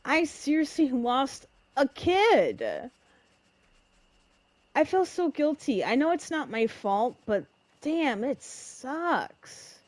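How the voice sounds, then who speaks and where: Young woman doing let's play commentary, super animated, slangy and dramatic, dry mic, faint game music behind. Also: high voice, no room sound. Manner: emotional, reacts loudly and dramatically; casual slang. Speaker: gamer.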